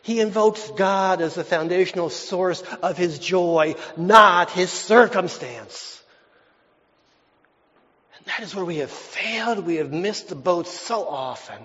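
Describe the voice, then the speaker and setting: A man preaching a sermon, repeating phrases for emphasis and swinging between loud declarations and near whispers. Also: high-pitched, slow pace. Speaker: pastor. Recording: dull lo-fi hall recording.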